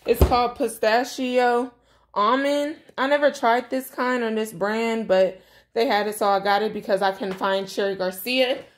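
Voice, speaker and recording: A woman's voice: on the high side, steady tone, moderate pace. A young woman talking casually to her viewers from her home kitchen, chatty and blunt, calling them y'all. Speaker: vlogger. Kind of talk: casual grocery haul vlog. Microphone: camera mic.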